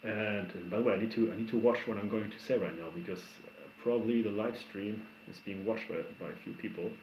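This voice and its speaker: A man hosting a livestream, casually chatting through viewer comments and telling stories in a rambling, animated way with lots of restarts. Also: on the low side, fast talker, slight background noise. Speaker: livestream host reacting to music. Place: home. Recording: roomy, somewhat dull stream audio.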